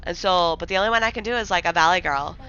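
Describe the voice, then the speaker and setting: A young woman from the Midwest rambles to her stream viewers in a bright, sharp voice, piling on fillers and half-finished thoughts. The audio is a little muffled and dull, like a typical home stream mic. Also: lowish voice, fast, clean tone. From American Midwest. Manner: rambling, filler-heavy, many likes and restarts. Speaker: livestreamer. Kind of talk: casual livestream chat.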